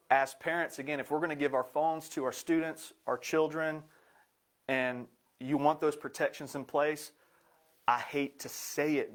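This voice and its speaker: A man giving a live presentation in an upbeat, joking way. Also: mid-range voice.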